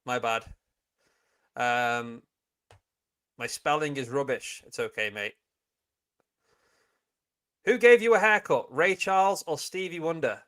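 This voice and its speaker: A man's voice: mid-range voice, slow pace, pauses often, a bit bright. A man hosting a casual livestream, chatting, laughing often and reading viewer comments aloud. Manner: chatty, giggly, reads chat comments aloud. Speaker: livestream host. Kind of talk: casual live-chat stream.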